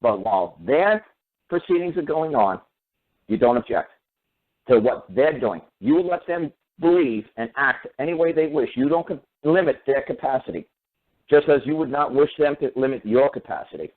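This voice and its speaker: A man's voice: medium pitch, animated, moderate pace. A man calling into a talk radio show, telling stories and lecturing in an emphatic, repetitive way. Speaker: guest caller on talk radio. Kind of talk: talk radio storytelling and opinion. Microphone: phone. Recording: phone-line call.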